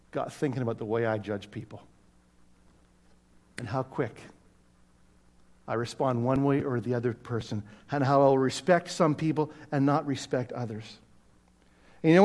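A middle-aged man from Canada preaching a sermon to his church, telling stories in a conversational way with self-deprecating humor. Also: a little high. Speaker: pastor. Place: church sanctuary. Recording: long reverb of a church hall.

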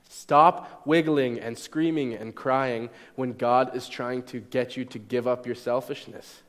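A man's voice: medium pitch, fairly even intonation, unhurried, few pauses. A young man preaching a sermon in a conversational way, often checking in with his listeners. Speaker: pastor. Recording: echoey hall.

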